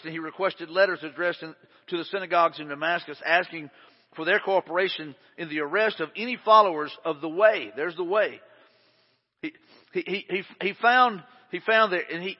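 This male pastor's high voice carries an emphatic, conversational sermon full of circling back and repeated phrases. He seems to be in a large church hall with lengthy reverb, captured on a dull, lo-fi recording.

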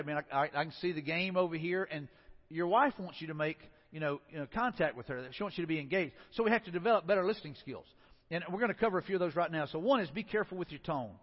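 A middle-aged man, preaching a folksy sermon full of acted-out stories. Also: sits high. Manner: folksy, storytelling with acted-out quotes. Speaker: pastor. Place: church sanctuary. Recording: dull, lo-fi sound in a reverberant hall.

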